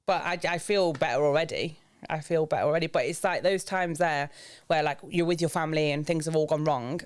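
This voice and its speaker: A man's voice: a little fast, clear, resonant tone. A young man in his twenties from England, talking openly and reflectively as a podcast guest. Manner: open, reflective, speaks of grief in a low earnest tone. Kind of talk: candid personal podcast talk.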